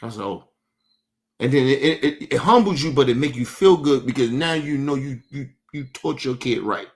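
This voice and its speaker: A man's voice: medium pitch, moderate pace. Blunt, profane man ranting to chat. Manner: repeats and restarts words when heated. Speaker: livestream host. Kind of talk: casual rant to a live chat.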